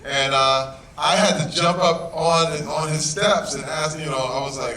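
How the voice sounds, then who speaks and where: Animated man in an echoey hall. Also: fairly high pitch, a little slow, slight background noise. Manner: lively, acts out quotes, laughs often. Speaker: guest actor at a premiere Q&A. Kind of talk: animated storytelling in a Q&A. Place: large cinema hall with audience. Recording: echoey hall recorded from far off. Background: loud audience crowd.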